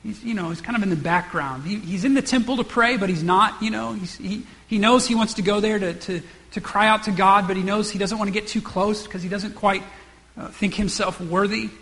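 High bright-voiced man preaching. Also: a little fast, in a large hall. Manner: acts out the characters' lines, many restarts. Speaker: pastor. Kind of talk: sermon.

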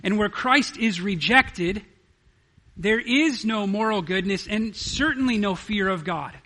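A man with a high, light voice preaches an earnest sermon. He reads scripture aloud and keeps pressing rhetorical questions on his listeners. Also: unhurried, sharp tone. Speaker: pastor. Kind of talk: expository sermon.

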